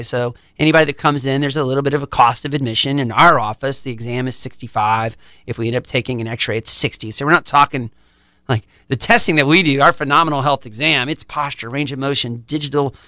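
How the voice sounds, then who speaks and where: A man's voice: medium pitch, pushed and bright, clean tone, no echo, studio quality. A middle-aged man, a chiropractor, explaining his practice confidently in a podcast interview. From United States.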